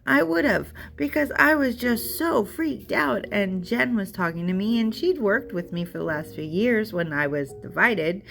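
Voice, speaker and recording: A woman's voice: medium pitch, moderate pace, gravelly, hardly any pauses, a bit bright. A woman giving an earnest, emotional personal testimony about overcoming fear. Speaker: storyteller sharing her recovery.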